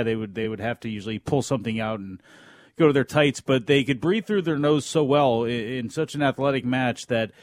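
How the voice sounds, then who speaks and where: A man's voice: medium pitch, no room sound. Rambling man on talk radio, dry sound. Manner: rambling, halting with fillers. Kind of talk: casual talk radio chat.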